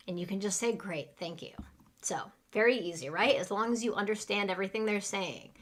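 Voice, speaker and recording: A woman's voice: mid-range voice, brisk. A woman teaching a live English lesson, patiently modeling restaurant phrases for students to repeat.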